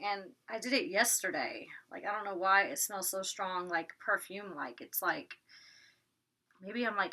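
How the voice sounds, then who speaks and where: A young woman from Georgia with a Southern accent, recapping a reality TV episode in a chatty, fast way full of "like.". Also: mid-range voice, bright, forceful tone.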